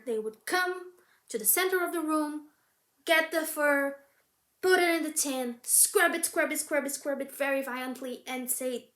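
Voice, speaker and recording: A woman's voice: high voice, pushed and bright. A woman storyteller telling a fairy tale aloud, speaking dramatically and often dropping into a whisper. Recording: roomy echo.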